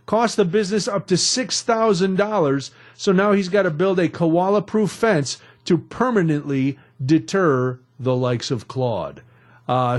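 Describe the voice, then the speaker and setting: A man hosting a radio talk show, recapping odd news stories in a jokey, rambling way from a studio. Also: high voice.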